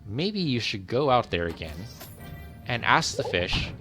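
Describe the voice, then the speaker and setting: A man's voice: mid-range voice, very animated, a little slow, pushed and bright, soft background music. A man voicing a greedy fairy-tale wife who keeps demanding more, speaking in a wheedling, insistent way.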